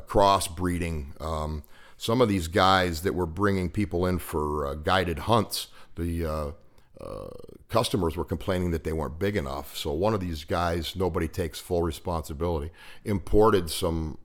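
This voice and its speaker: Deep-voiced rambling man in his fifties. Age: 50s. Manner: rambling, hesitant with fillers. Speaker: guest. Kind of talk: casual storytelling chat.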